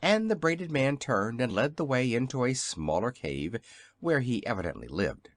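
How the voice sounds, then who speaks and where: A man reads a classic children's storybook as an audiobook, narrating from a script in an expressive storytelling manner. His mid-range voice moves at normal speed, with studio-quality sound and no echo.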